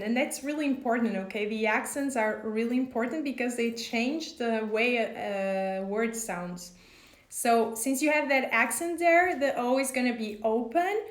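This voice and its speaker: A woman teaches on a live stream, speaking very slowly in a slightly high voice. She answers viewer questions patiently and stretches out example words so each sound is clear. Her voice rings in a roomy, echoey space. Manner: slow, patient, over-pronounces example words. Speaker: language teacher.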